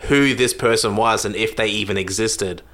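A low-pitched Australian man with a bright, forceful tone. He rambles through casual stories, restarting sentences and poking fun at himself. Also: normal speed. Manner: rambling, self-deprecating, many restarts. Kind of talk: casual chat.

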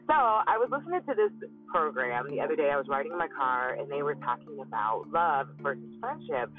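A woman's voice: low-pitched, sing-song, a little fast. Solo woman podcast host, chatty and reflective, acts out her own inner voice; narrow phone-line audio with faint music under it. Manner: musing, acts out her own thoughts in quotes, many hums. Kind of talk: casual solo monologue.

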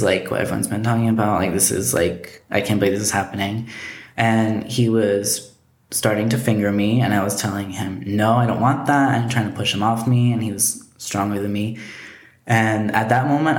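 A man, a podcast guest, telling a personal story in casual conversation, rambling and filling his talk with "like". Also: fairly low pitch. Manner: rambling, heavy use of filler "like". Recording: roomy echo.

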